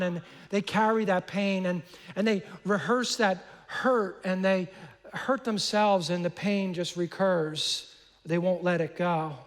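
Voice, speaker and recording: A middle-aged man preaching a sermon as pastor, earnest, often restarting and repeating words, dropping soft and low on painful words. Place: large church auditorium. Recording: long hall reverb.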